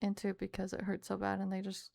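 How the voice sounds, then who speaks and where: A young woman streamer telling a story to her chat in a casual, animated way with frequent laughs. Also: mid-range voice, fast, gravelly, no echo.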